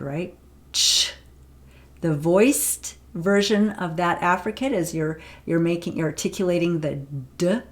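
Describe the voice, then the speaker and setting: A woman teaching pronunciation on camera, explaining sounds and demonstrating them, often checking with "right?". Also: fairly low pitch.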